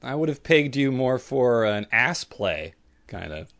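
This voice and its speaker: A man co-hosting a comedy podcast in loose, joking chat. His delivery is dry and understated, full of little trailing asides. His voice is mid-pitched, and the recording is close and dry. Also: big pitch swings, unhurried, a bit bright, dry recording. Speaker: podcast co-host.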